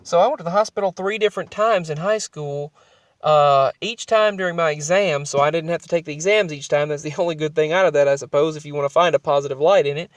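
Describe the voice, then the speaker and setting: A man's voice: on the high side, quick pace, no room sound. A young adult man telling his own story in a vlog, rambling and emotional, often restarting his sentences.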